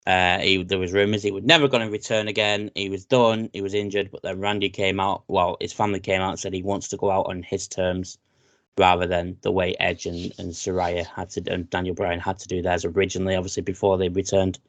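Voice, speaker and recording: A British man co-hosting a casual wrestling podcast, chatty and excitable, often saying "mate". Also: deep voice, a little fast, dry recording. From Britain. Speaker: podcast co-host.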